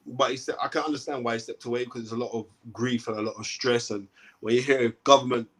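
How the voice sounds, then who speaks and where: A man's voice: medium pitch, steady tone, fast talker, noisy background. A man, a boxing commentator, talking emphatically as a guest and often checking in with "right?". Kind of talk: animated interview talk.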